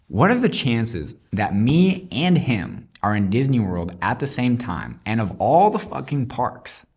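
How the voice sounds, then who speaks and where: A man hosting an interview who tells stories excitedly, swears casually and stresses his punchlines. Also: lowish voice, husky. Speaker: podcast host.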